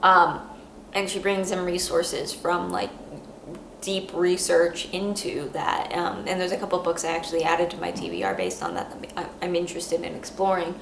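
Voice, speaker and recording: A woman talks through a book review with deep, heartfelt earnestness, circling back with halting restarts as she searches for words. Her voice sits a little low. The recording is roomy with an echo and a faint hum behind it. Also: lively intonation. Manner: rambling, halting, many restarts; earnest and emotional. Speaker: podcast host. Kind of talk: casual book review monologue.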